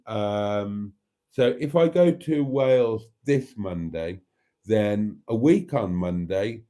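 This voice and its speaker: A man with a lowish, warm voice hosts a casual livestream. He chats and reads viewers' comments aloud in a chatty, theatrical manner, calling them darlings.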